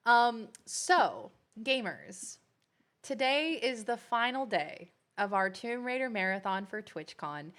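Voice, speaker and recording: A woman's voice: on the high side, sing-song, slow, fairly bright tone. A woman, chatting casually with viewers while streaming a game. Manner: chatty, rambling, playful with pets. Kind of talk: casual live-stream chat.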